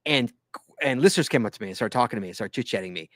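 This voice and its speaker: A man's voice: medium pitch, expressive, rapid-fire, fairly bright tone, no echo, clean studio sound. A man hosting a casual podcast, telling rambling stories with enthusiasm and frequent laughter. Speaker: podcast host.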